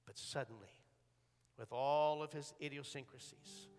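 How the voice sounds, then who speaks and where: A man pastor preaching a sermon, dramatic, swinging from hushed storytelling to loud, urgent declarations. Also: on the high side, fairly even intonation, a little slow, long reverb tail, faint music behind.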